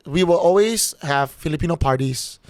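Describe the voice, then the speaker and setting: A man with a Malaysian English accent, a podcast guest telling stories in a chatty, slangy, animated way. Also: fairly high pitch, moderate pace, no room sound, studio quality. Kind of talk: casual podcast storytelling.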